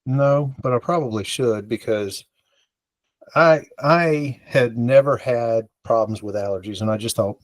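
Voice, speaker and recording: A man's voice: mid-range voice, a little slow, dry recording. A man from the American South, a podcast co-host, telling a rambling, self-mocking story in casual chat and acting out the dialogue.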